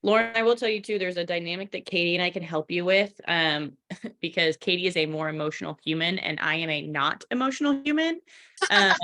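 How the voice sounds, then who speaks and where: A woman co-hosting a workshop, giving casual advice in a blunt, animated, self-deprecating way. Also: on the low side, fairly quick. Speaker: workshop co-host and coach.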